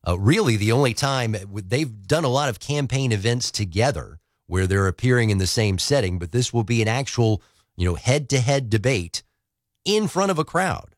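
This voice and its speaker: A man's voice: mid-range voice, expressive, normal speed, no room sound, studio quality. A man hosting morning news radio, talking conversationally with small fillers.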